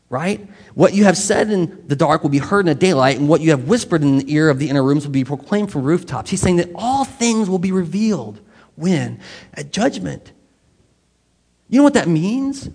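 A man's voice: a little high, slightly rough. A man preaching a sermon to his congregation in a conversational way, often putting questions straight to the people in the pews. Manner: conversational, quizzes the congregation directly. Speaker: pastor. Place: church sanctuary. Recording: long reverb of a large hall.

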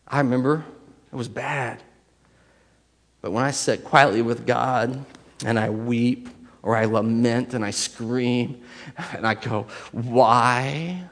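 A man preaches a sermon from the pulpit, his voice gravelly at a middle pitch. He swings from loud, emphatic stretches down to quiet, hushed lines and acts out inner voices as he goes. The sound carries a long reverb from a large church hall. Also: measured pace. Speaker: pastor.

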